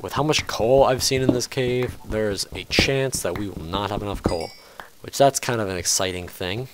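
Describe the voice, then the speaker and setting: A man giving casual commentary over a game he is playing, jumpy and quick to swear and scold the game aloud. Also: lowish voice, background noise. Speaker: let's play host.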